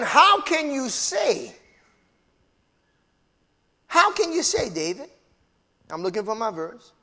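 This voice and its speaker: High bright-voiced man preaching. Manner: call-and-response preaching that swells into shouts; repeats phrases for emphasis. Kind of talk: sermon.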